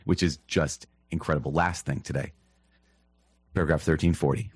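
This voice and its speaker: A man hosting a teaching podcast, reading catechism passages and explaining them in an earnest, animated way with quick asides. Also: extremely low pitch, slightly rough, no echo. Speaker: priest podcast host.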